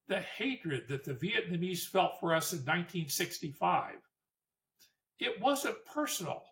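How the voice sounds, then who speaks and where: A man's voice: high voice, sing-song, unhurried, gravelly, fairly bright tone, distant mic. An older man, a war veteran, telling memories to an audience in a storytelling way, with restarts and emphatic repetition. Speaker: Vietnam War veteran speaker.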